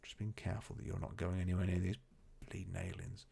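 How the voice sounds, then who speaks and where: A man's voice: low-pitched, little pitch movement, fast, vocal fry, mellow, slightly rough. A man streaming a colony game, rambling casually and chatting to his characters and viewers. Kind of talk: casual live gameplay commentary.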